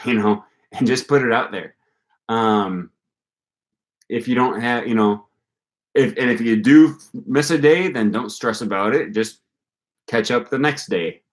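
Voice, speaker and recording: A young man hosting a casual livestream about language learning, talking in an upbeat, encouraging way and rambling with many fillers. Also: medium pitch. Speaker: language-learning channel host.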